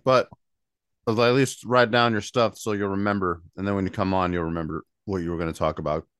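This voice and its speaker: A man's voice: low-pitched, steady tone, a little fast, a bit bright, clean tone, no echo, studio quality. A man co-hosting a podcast, chatting in a laid-back, joking way. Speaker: podcast co-host. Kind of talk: casual podcast chat.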